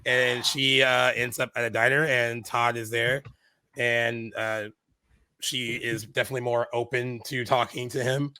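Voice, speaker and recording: Bright-voiced man in casual movie chat. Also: medium pitch, unhurried, smooth, no echo. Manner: animated retelling, acts out lines in quoted voices. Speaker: podcast co-host.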